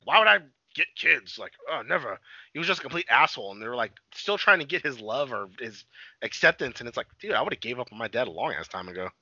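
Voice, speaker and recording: A man's voice: medium pitch, bright, forceful tone, no room sound. A young man chatting casually, retelling a show in a rambling, profane way and acting out its lines. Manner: rambling, profane, laughing, acts out quotes. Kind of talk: casual chat recapping a show. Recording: dull dry lo-fi audio.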